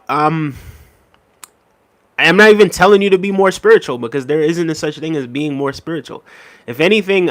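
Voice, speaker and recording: A man hosting a casual livestream, reading out viewer comments and thanking them in a relaxed, easygoing way with soft laughs. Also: fairly high pitch, no echo. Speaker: livestream host. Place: New York City.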